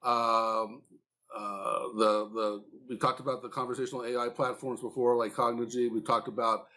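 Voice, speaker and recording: A man co-hosts a casual discussion, speaking in a loose, conversational way. His voice sits at an ordinary middle pitch. He restarts sentences often and fills gaps with "uh" and "you know.". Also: flat delivery, moderate pace, pushed and bright. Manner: conversational, frequent fillers and restarts. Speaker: podcast co-host.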